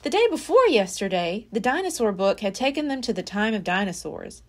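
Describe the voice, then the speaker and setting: Lively woman reading a children's book. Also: mid-range voice, a little fast. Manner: expressive, lively storybook reading. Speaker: library storyteller. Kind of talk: children's read-aloud narration.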